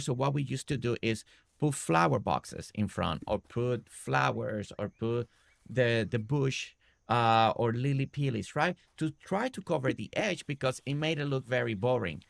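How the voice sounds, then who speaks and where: A man's voice: mid-range voice, vocal fry, dry recording. A man streaming a game, casually talking through a building tutorial step by step and often checking in with "right?".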